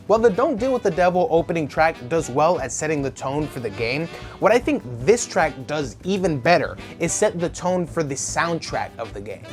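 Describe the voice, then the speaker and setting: A man reviews game music in a casual, jokey way and pokes fun at himself. His pitch swings up and down a lot as he talks. Soft music plays faintly behind him. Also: normal speed. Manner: animated, jokey and self-mocking. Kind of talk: casual soundtrack review commentary.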